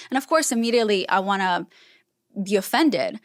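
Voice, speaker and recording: A woman's voice: mid-range voice, expressive, fairly quick, dry recording, clean studio sound. A young adult woman, a podcast guest, telling personal stories in casual chat and acting out the dialogue. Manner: storytelling, acting out quoted dialogue.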